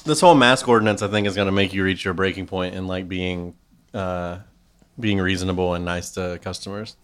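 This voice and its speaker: A man's voice: low-pitched, fairly even intonation, a little fast, clean tone. A man co-hosting a podcast in casual chat, telling a wry, self-mocking story. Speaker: podcast co-host.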